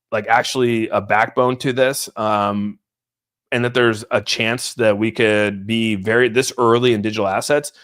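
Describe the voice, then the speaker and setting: A man hosting a casual crypto livestream, rambling excitedly about the markets, often saying "dude" and greeting viewers from the chat. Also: mid-range voice. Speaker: crypto channel host.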